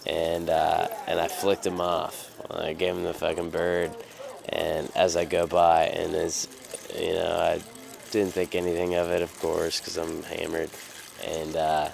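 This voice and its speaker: Young male storyteller, deep creaky voice, loose rambling delivery with swearing. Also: darkish tone, a little hiss or hum. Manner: rambling, many fillers and restarts, casual swearing. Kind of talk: casual personal anecdote.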